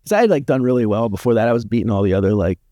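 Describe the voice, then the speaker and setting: Relaxed man telling stories, warm tone. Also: medium pitch, very fast, dry recording, studio quality. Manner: relaxed storyteller with frequent "like" fillers. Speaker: podcast guest. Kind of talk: casual storytelling chat.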